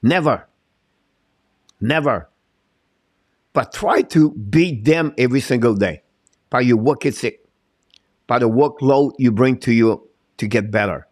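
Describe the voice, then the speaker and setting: A man's voice: mid-range voice, normal speed, a little mellow. A man, his first tongue, coaching and hosting a live stream. He talks in a fired-up way, repeating his points as he reads viewer chat. The sound is dry and close, with no room echo. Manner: fired-up, repetitive motivational talk.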